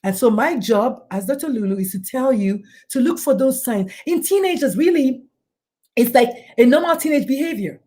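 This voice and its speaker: A middle-aged woman with a fairly high voice speaks as a guest in a talk show interview. Her delivery is emphatic and preachy, and she swings her pitch widely as she acts out the people she quotes. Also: expressive, normal speed, warm tone. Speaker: guest, doctor and suicide prevention speaker.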